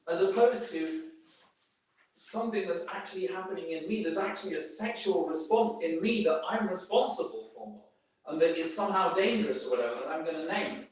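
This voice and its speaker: A man's voice: sits high, expressive, a little fast. Rambling man talking in an echoey room. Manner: rambling, many fillers like "you know, like". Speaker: speaker giving a workplace talk. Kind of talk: informal presentation to a group. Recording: very echoey room, speaker far from mic.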